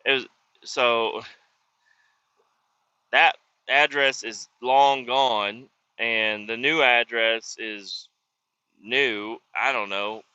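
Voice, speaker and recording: A man's voice: mid-range voice, fairly even intonation, extremely slow, pauses often, bright, forceful tone, smooth, no echo. A man who works roadside service, telling rambling, profane stories in a casual vlog. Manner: profane, loose, drifting between stories. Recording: dull lo-fi sound with faint background ambience.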